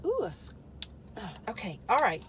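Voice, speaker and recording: A woman's voice: on the high side, huge pitch swings, moderate pace, background noise. A woman hosting a casual product-testing live stream from a parked car, rambling through joking asides to her viewers and muttering under her breath as she fiddles with the product. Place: parked car in a store parking lot.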